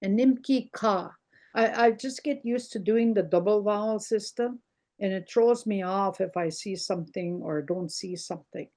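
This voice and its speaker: An older woman teaching a language lesson over a video call, repeating words slowly and explaining how they sound. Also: medium pitch, warm tone. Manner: slow, repeats words carefully, explaining pronunciation.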